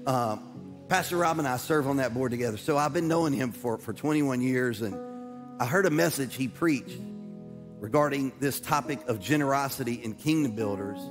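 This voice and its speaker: A man, the church's pastor, introducing a guest speaker to his congregation in an energetic, rallying way. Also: mid-range voice, moderate pace. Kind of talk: sermon introduction. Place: large church auditorium. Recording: long reverb in a church hall. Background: music playing.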